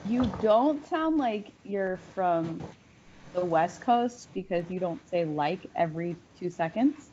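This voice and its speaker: A woman's voice: fairly low pitch, animated, slow pace, dark tone, slight background noise. A stand-up comedian from Los Angeles with a lisp, a woman chatting casually as a podcast guest, wry and self-deprecating, laughing easily. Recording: slightly dull lo-fi sound.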